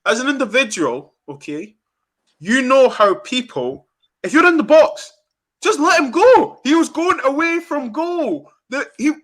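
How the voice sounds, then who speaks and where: High, lively young man ranting angrily. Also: a little slow. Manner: angry, ranting, swearing, animated. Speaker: fan channel host. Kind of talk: heated football match reaction chat.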